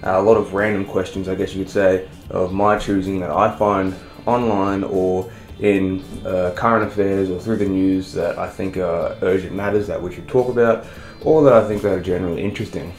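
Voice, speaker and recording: A man's voice: sits low, steady tone, moderate pace, darkish tone, soft background music. A young Australian man with a chatty, rambling, enthusiastic manner, answering viewer questions in a casual vlog about marine science. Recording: echoey room.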